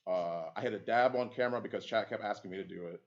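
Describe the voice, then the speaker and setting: A man's voice: lowish voice, quick pace. A man on a panel, a game caster, telling stories in a casual, laughing way with many fillers. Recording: dull lo-fi audio.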